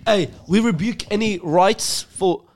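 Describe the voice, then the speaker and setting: A young man co-hosting a podcast, excitable and joking, laughing often and swearing freely. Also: high voice, unhurried, a little hiss or hum. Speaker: podcast co-host. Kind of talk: joking group chat.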